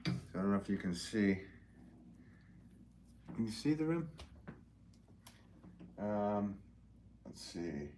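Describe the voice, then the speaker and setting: Deep-voiced chatty potter on a live stream. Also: male voice, very animated, takes it slowly, pauses often, warm tone, slight background noise. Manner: rambling and chatty, talks to viewers directly. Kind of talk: casual live-stream chat while working at the wheel. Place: pottery studio at the wheel.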